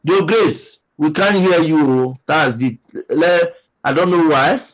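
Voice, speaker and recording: A man with a Nigerian English accent hosts a livestream chat, talking in a slightly high voice. His delivery is preachy and emphatic, and he repeats his points as he reads viewer comments. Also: takes it slowly, dull audio. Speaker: livestream host.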